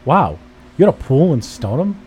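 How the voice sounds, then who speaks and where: A man's voice: on the high side, sing-song, fairly quick, darkish tone, slight background noise. A man hosting a podcast, teasing, profane and chatty in casual banter. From Boston area. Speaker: podcast host.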